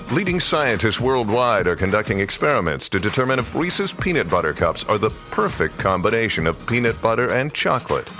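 A man reading a scripted ad in a mock news style. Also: mid-range voice. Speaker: ad announcer. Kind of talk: scripted ad read.

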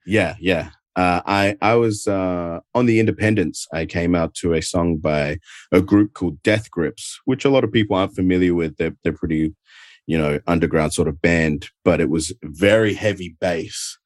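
A man's voice: low-pitched, moderate pace, dry recording, studio quality. A man with an Adelaide Australian accent, chatting easygoingly as an interview guest from home, rambling with lots of filler words. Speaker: guest, professional wrestler. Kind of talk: casual interview chat.

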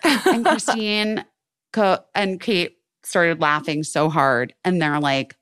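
Her fairly low, clear, resonant voice comes at a slow pace on a dry, studio-quality recording. She co-hosts a podcast and tells a casual story, acting out what her friends said with heavy swearing and lots of "like."

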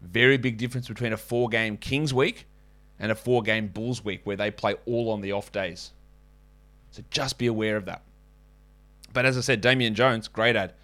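A man hosting a fantasy basketball podcast, talking casually with quick asides and self-corrections. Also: on the low side, steady tone, fairly bright tone. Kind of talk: casual podcast talk with ad reads.

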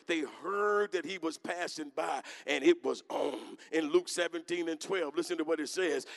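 A male preacher giving a sermon in rhythmic phrases, calling on the congregation to answer and swinging from quiet talk to shouting. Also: high voice, moderate pace, creaky, few pauses.

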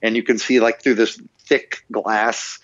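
Middle-aged male guest, low voice, animated storyteller who acts out quotes; dry, muffled recording. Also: unhurried, no room sound. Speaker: guest, former game localizer and voice actor. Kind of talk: casual storytelling interview. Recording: dull, slightly muffled dry sound.

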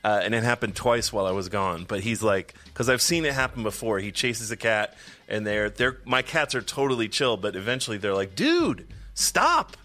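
A middle-aged man co-hosting a podcast in easy casual chat. His low voice has a bright, forceful edge. He tells stories with lively energy and pops into silly voices for his animals. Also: fairly quick. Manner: animated storyteller who acts out pets' voices. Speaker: podcast co-host.

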